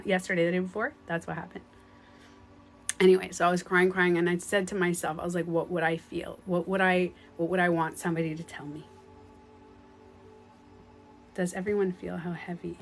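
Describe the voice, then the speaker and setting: Woman, earnest, rambling, laughs often, casual livestream chat, phone mic, soft music underneath. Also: on the low side. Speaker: spiritual life coach on a livestream.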